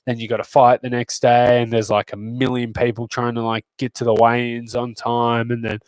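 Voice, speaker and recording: A man's voice: mid-range voice, little pitch movement, normal speed. A young adult man with an Australian accent, a fighter guest chatting casually on a podcast, swearing a lot and bragging in jest. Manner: crude, swearing, boastful joking.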